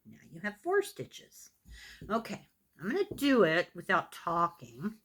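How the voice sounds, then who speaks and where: An older woman with an Irish accent, gently talking viewers through a knitting tutorial step by step, patient and a little self-deprecating. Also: mid-range voice, huge pitch swings, unhurried. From Ireland. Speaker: knitting teacher.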